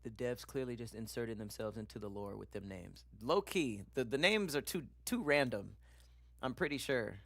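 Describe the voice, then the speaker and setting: A man's voice: medium pitch, normal speed, gravelly, fairly bright tone, dry recording. A man streaming casually, chatting loosely with slang and swearing while he reacts to videos and reads viewer comments.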